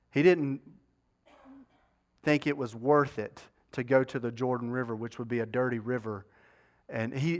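A man preaching a sermon, retelling a scripture story and often turning to the congregation with rhetorical questions. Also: medium pitch.

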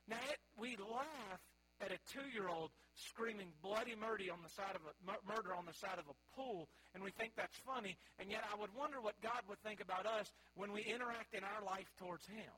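Male pastor, 30s, high husky voice, folksy sermon storyteller. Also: a little fast, pushed and bright, poor audio. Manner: folksy, storytelling, calls out to the congregation.

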